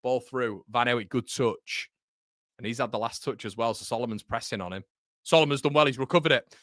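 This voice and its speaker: A man hosting a live football watchalong, commentating excitably and bantering with his chat. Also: mid-range voice, brisk, no echo, clean studio sound.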